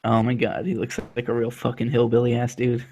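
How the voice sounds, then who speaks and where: A man's voice: medium pitch, completely flat delivery, fairly quick, a little mellow. A young man chatting casually in an online lobby, making crude jokes and swearing. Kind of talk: casual chat.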